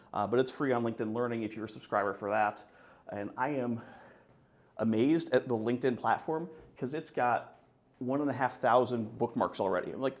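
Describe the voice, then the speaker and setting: A man presenting at a tech conference in a playful, animated way. His voice sits at an ordinary middle pitch and is picked up by a presenter's microphone. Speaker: conference speaker. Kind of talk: conference talk.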